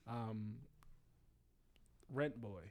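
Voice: medium pitch, extremely slow, a little hiss or hum. A podcast host in casual chat who throws in joking questions and reactions.

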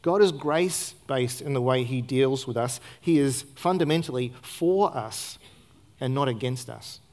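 A man preaching a sermon to his church as pastor, earnest and emphatic, asking the congregation rhetorical questions and rising and falling in loudness for stress. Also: medium pitch, measured pace. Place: church service.

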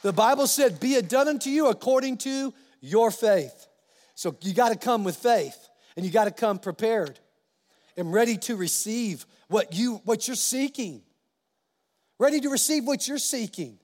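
A male pastor preaching a sermon to his congregation in a conversational, impassioned way, with quick restarts and acted asides. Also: very high-pitched, expressive, a little mellow. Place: church sanctuary. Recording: long reverb of a large hall.

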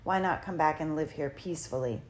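A woman voicing a sinister ancient male spirit who steals time, speaking slowly with a rasping, coaxing menace in an audiobook. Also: low voice, a little hiss or hum, close to an everyday voice. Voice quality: rasping, creaking. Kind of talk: audiobook character voice.

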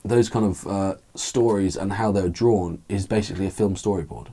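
A man's voice: low-pitched, moderate pace, warm tone, husky. A man talking as a guest in a casual podcast chat, thoughtful and meandering with many fillers.

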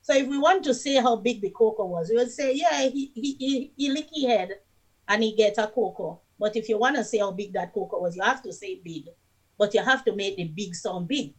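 A woman's voice: medium pitch, brisk. A woman with a Jamaican accent, a radio guest who explains things patiently in casual chat, giving examples as she goes.

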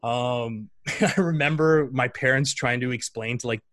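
Guy in his 30s telling a story, animated, does funny voices, dry mic. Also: medium pitch, unhurried, no echo. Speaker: guest. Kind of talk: casual storytelling.

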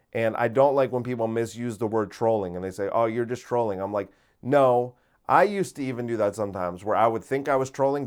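A man hosting a podcast, telling a story in a casual, profane monologue that gets loud and giddy. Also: mid-range voice. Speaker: podcast host.

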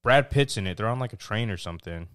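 A man's voice: lowish voice, animated, fast, a bit bright, clean tone, dry recording, clean studio sound. A young man co-hosting a podcast in easygoing casual chat, full of "you know" and "like". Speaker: podcast co-host.

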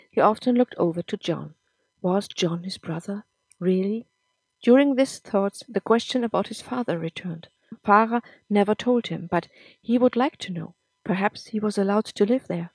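A woman's voice: mid-range voice, breathy edge, no echo. Woman narrating a serial story. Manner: steady, plain reading pace. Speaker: podcast storyteller.

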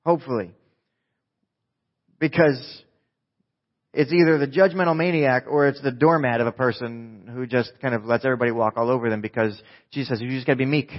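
Male pastor, New Jersey native; casual joking sermon delivery, mid pitch, dull recording. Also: fairly even intonation, fairly quick, long pauses. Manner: conversational, joking, asks the crowd questions.

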